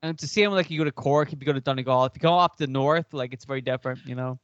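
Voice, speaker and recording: A man's voice: mid-range voice, racing, clear, resonant tone, no room sound, highs cut off. A man with an Irish accent, co-hosting a podcast in casual, rambling chat full of "like". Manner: rambling, heavy use of "like". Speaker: podcast co-host.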